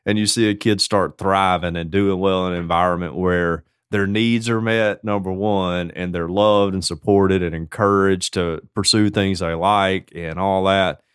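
A man's voice: low voice, measured pace, few pauses, clean tone, no room sound, clean studio sound. A man co-hosting a podcast, chatting casually and telling joking stories about his life as a foster parent. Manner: joking, animated storyteller. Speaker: podcast co-host. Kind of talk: casual chat.

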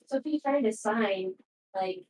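A woman chatting casually before a live stream, retelling a show in a rambling, animated way with lots of fillers. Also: mid-range voice, takes it slowly. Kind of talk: casual chat. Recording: roomy, distant mic with background noise.

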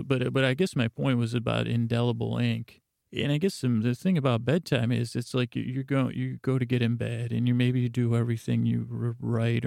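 A man hosting a podcast, telling a meandering, stammering bedtime story in a gravelly voice. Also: medium pitch, darkish tone, no room sound, studio quality. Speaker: podcast host.

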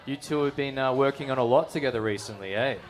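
A man hosting a live podcast, teasing his guests in a halting, joking way. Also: mid-range voice, soft background music. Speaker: podcast host. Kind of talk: casual live podcast chat. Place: live podcast in a bar venue.

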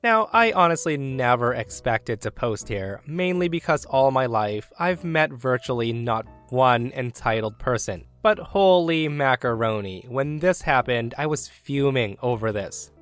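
A man narrating a reddit story aloud with a lively, animated delivery. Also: a little slow, few pauses, faint music behind. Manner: lively, animated delivery that jumps in pitch for emphasis.

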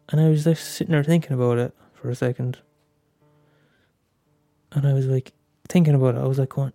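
A man's voice: medium pitch, flat delivery, brisk, long pauses, warm tone, no room sound, faint music behind. Irish young man, candid and sweary. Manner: candid, swears a lot, stammering restarts. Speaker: podcast host. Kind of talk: casual solo podcast talk.

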